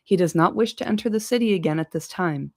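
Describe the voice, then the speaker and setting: Courteous noble elf, read by a woman, low with a slight fry, dry close mic. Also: fast, a little mellow, no echo. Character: graceful noble male elf. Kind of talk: amateur audiobook reading.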